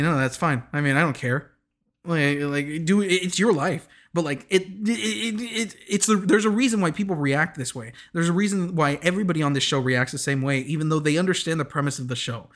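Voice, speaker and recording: A man's voice: a little high, fairly bright tone. A young man hosting a casual recap of a dating show, rambling with many "like"s and stammered restarts.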